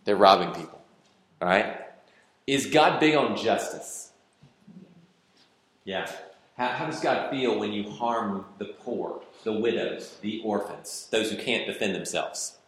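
A man preaching a sermon, questioning the congregation and swinging from loud outbursts to hushed delivery. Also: on the low side, expressive, unhurried, long pauses. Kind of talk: interactive sermon. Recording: roomy reverberant hall.

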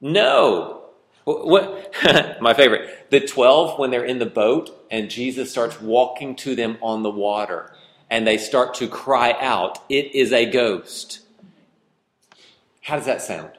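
Guy preaching a sermon to his church, keeps asking the room questions, gets loud then drops real quiet, echoey hall. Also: mid-range voice, measured pace. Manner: animated, questions the congregation, swings from loud to hushed. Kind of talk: interactive sermon. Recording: roomy reverberant hall.

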